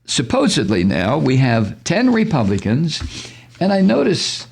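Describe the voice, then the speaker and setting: Sarcastic, gravelly man hosting talk radio. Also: on the high side, wildly swooping pitch, measured pace, a little mellow. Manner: sarcastic, mocking, profane; frequent laughs and exclamations. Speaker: radio talk show host. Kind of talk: political talk radio commentary.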